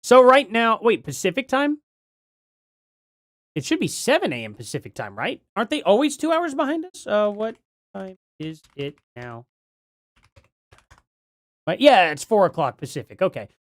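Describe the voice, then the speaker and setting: Rambling man with a lively, bouncing voice. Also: high voice, normal speed, pauses often, no room sound. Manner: rambling, thinks aloud with many ums and restarts. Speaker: livestream host. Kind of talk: casual livestream chat, reading chat aloud.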